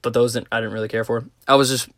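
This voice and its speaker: A man's voice: mid-range voice, flat delivery, racing, a bit bright, dry recording, studio quality. A young man talking casually in a rambling monologue, swearing often and filling gaps with "like" and "um". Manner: rambling, profane, lots of "like" fillers. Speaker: vlogger.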